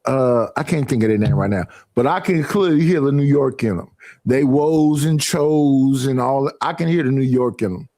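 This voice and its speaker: A man co-hosting a casual group podcast, talking slowly and stopping often to search for names. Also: mid-range voice, warm tone. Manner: drawling, searching for names with many fillers. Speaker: podcast co-host.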